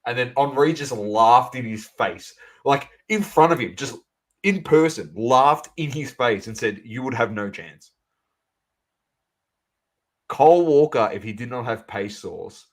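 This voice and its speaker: A man co-hosting a sports podcast, chatting casually and animatedly, calling out to the audience as ladies and gentlemen. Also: mid-range voice, measured pace. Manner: animated, banter-heavy, addresses listeners as ladies and gentlemen. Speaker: podcast co-host.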